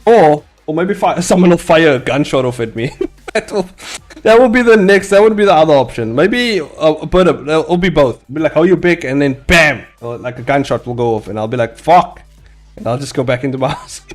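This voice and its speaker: A man's voice: a little high, lively intonation, brisk, a little mellow, faint music behind. A young man chatting casually with viewers while drawing his comic. He rambles, laughs a lot and swears freely. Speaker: comic artist streaming. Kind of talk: casual live-stream chat.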